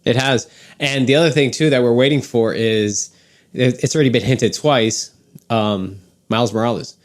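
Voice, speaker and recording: A man's voice: medium pitch, normal speed. A man co-hosting a podcast in casual chat, rambling and stumbling over names with lots of fillers. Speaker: podcast co-host.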